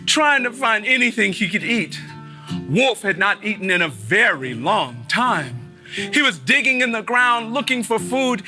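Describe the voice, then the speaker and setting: Man, storyteller, live fable for students, animated, dramatic pauses, chanted refrains, lively pitch. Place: arts center auditorium before students.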